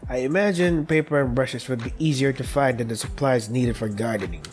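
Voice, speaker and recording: A man's voice: medium pitch, brisk, natural voice. A man voicing a friendly young protagonist who makes casual, self-conscious jokes, read in his own everyday voice over faint background music.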